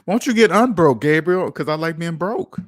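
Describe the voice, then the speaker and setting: A man's voice: fairly high pitch, lively intonation, normal speed, dry recording, studio quality. A man hosting a casual finance livestream, reading viewer comments aloud and teasing them with a joking manner.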